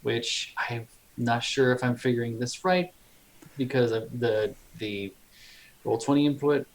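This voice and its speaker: A man's voice: mid-range voice, unhurried, a little hiss or hum, poor audio. A man with a mid-range voice plays a tabletop game. He describes his character's actions vividly and reasons aloud about the rules as he works through his turn. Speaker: player.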